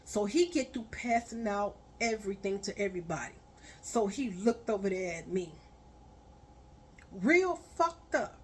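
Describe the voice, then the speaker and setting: A woman telling a story on a vlog, blunt and profane, building to loud, forceful rants. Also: mid-range voice, moderate pace, a little hiss or hum.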